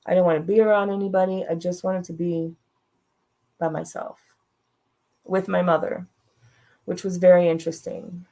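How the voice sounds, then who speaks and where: A woman's voice: fairly low pitch, flat delivery, moderate pace, long pauses, mellow. A middle-aged woman telling a personal story as a talk show guest, frank and direct, laughing now and then through hard moments.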